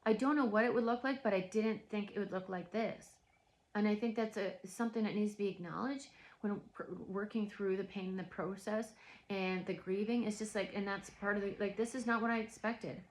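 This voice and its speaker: A woman's voice: mid-range voice, fairly even intonation, a little fast. A woman vlogging from home in a reflective, rambling monologue, full of restarts and filler words.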